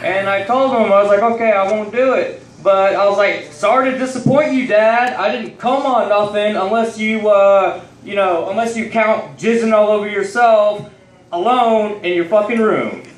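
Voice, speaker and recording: A man's voice: high voice, moderate pace. A young man doing a loose, profane stand-up set on a comedy club stage, rambling through his stories. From Texas. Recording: roomy sound from a distant mic.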